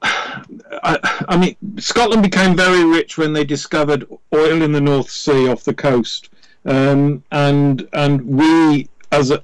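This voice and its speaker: A British man from Wales, chatting as a guest on a radio show, his voice a touch higher than most men's. He hesitates often, fills pauses with ums and restarts his phrases, and the sound is dry and close. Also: no room sound, low-quality recording. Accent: Welsh-influenced British English. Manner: hesitant, many fillers and restarts. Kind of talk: casual interview chat. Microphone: remote line to studio.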